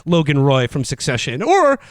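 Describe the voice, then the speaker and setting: A man's voice: fairly high pitch, wildly swooping pitch, moderate pace, no echo. A man co-hosting a podcast, recapping a film in a wry, incredulous casual way. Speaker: podcast co-host. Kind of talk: casual comedic film review.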